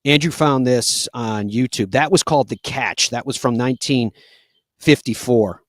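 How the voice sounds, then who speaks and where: A man's voice: medium pitch, normal speed, no echo. A man hosting a live golf talk show, telling stories in an earnest, conversational way with frequent fillers.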